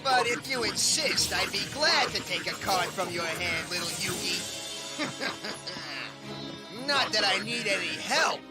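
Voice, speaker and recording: A gloating cartoon villain. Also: male voice, high-pitched, expressive, takes it slowly, loud music behind the voice. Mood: mocking. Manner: mocking, menacing. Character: gloating mind-controlling male villain. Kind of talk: cartoon dub acting.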